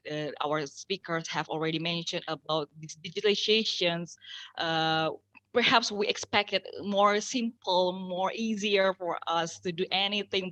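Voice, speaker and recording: A woman's voice: low voice, a bit bright, a little hiss or hum. A woman moderating an online seminar, speaking hesitantly with many fillers. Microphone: video call.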